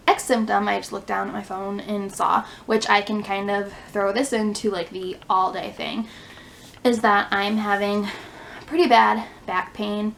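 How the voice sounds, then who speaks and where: A woman's voice: medium pitch, level tone, unhurried, creaky, fairly bright tone, a little hiss or hum, rough recording. A young woman, a stay-at-home mom, chatting casually in a vlog, a little out of breath and full of "like" fillers. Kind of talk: casual pregnancy update vlog. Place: home near a fire station.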